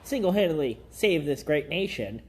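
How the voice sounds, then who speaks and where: A woman co-hosting a podcast in casual chat, who reacts quickly and dramatically. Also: low voice, expressive, darkish tone. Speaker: podcast co-host.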